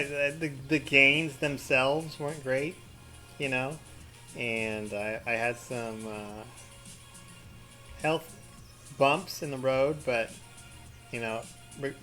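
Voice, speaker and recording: A man's voice: medium pitch, sharp tone. A man giving rambling, profane let's-play commentary, full of crude jokes and sarcastic mock rants. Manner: mock-ranting with sarcastic asides. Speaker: gaming commentator.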